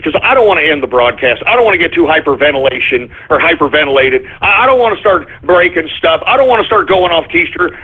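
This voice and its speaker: A man hosting his own radio show, ranting in an agitated way, repeating himself and breaking into shouts. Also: sits high, husky. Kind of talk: ranting call-in radio monologue. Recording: phone-line quality broadcast.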